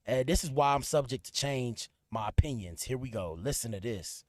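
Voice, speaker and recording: A man's voice: mid-range voice, expressive, normal speed, no room sound. A man hosts a podcast and reacts to clips for a live chat, slangy and loose, often trailing off and starting over. His voice sits in the middle of the range and is recorded dry and close. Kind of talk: casual commentary to a live chat.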